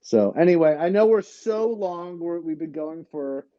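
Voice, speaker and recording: A man's voice: on the high side, expressive, unhurried, dark tone. A man co-hosting a casual podcast, rambling and hesitant, full of fillers and restarts. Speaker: podcast co-host. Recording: dull lo-fi audio.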